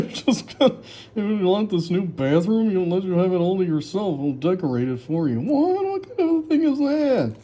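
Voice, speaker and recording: A man reads over his old story in a relaxed, self-mocking way, laughing at his own writing. His voice sits a little high, yet its tone is very dark and mellow. His pitch swings widely as he jokes. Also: breathy edge. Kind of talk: casual reaction commentary.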